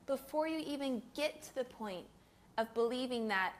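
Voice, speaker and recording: A woman's voice: sits high, expressive, moderate pace. A woman guest in an interview conversation, talking in an earnest, reflective way and laughing easily. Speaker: guest, recording artist. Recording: faint background noise.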